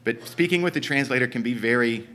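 Bright-voiced Southern Ohio man, rambling. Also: mid-range voice, quick pace, slight background noise. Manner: rambling run-on sentences, self-deprecating. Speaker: church member giving a talk. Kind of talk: sermon storytelling. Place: church sanctuary.

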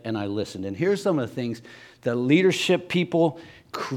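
A man with a Southern Ohio accent preaching a sermon in a church, talking conversationally, stumbling and restarting, and acting out quoted voices. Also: medium pitch. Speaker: pastor. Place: church sanctuary.

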